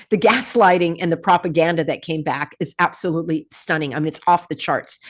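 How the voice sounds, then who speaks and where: A middle-aged woman hosting a casual commentary for her viewers, animated and sarcastic, often breaking into laughter. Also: fairly low pitch. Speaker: host.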